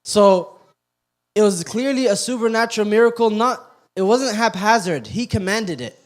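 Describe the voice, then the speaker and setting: A man giving a youth sermon, joking and animated while telling the story, then quiet and earnest as he drives the lesson home. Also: high voice, normal speed. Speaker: youth halaqa speaker. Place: youth center hall.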